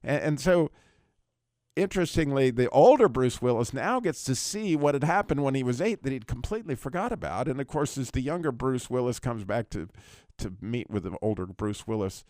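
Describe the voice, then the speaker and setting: A man's voice: mid-range voice, lively intonation, brisk, a little mellow, no room sound, studio quality. A man hosting Christian talk radio, earnestly retelling a film scene and stumbling over repeated words. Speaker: radio talk show host.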